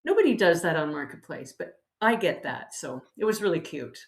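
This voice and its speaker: Woman host, tired, candid storyteller, lowish voice, roomy echo. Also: big pitch swings, moderate pace. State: tired from poor sleep. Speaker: podcast host. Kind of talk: casual chat.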